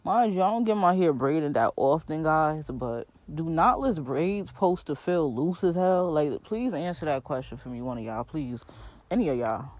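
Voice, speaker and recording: A woman in her twenties with a New York accent, hosting her podcast and telling a story in a slangy, animated way, speaking straight to her listeners. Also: low-pitched, normal speed, no room sound. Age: 20s. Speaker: podcast host. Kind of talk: casual storytelling rant.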